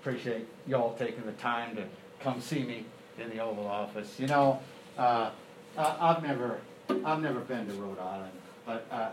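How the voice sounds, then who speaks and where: A man imitating an older Southern president, drawling, folksy and flattering one moment, threatening the next. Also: mid-range voice, moderate pace, reverberant, background noise, close to an everyday voice. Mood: coaxing.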